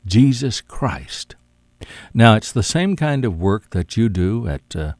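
Here the preacher's voice is on the low side with a darkish tone, recorded without echo. His delivery is emphatic and repetitive, with drawn-out phrases, key words said again and again, and frequent appeals to "my friend."

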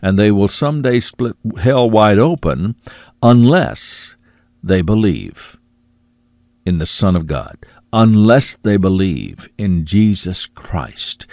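A man preaching a sermon, earnest, repeating phrases for emphasis and dropping low and quiet on asides to the listener. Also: dry recording.

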